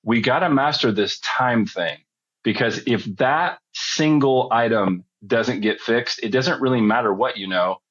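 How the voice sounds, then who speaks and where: A man's voice: medium pitch, measured pace, a bit bright, dull audio. A middle-aged man, a podcast guest, telling a story in a chatty, rambling way that often backtracks.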